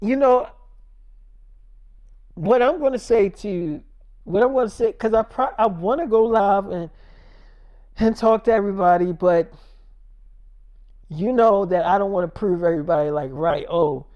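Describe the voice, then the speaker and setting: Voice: medium pitch, dry recording, lo-fi sound, natural voice. A performer voicing a shaken young wife. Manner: rambling, halting, full of fillers. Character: tearful young wife, shaken but forgiving. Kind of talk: improvised storytelling.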